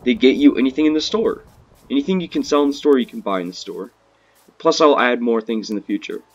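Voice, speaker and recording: Talking fast during a game with a friend, a man boasts and teases in casual chat, his pitch swinging energetically. The recording sounds muffled.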